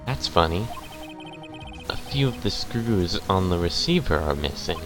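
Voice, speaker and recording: A man streaming a video game, reading its text aloud in a flat voice with quiet asides of his own. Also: low voice, measured pace, music in the background. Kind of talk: casual let's-play narration.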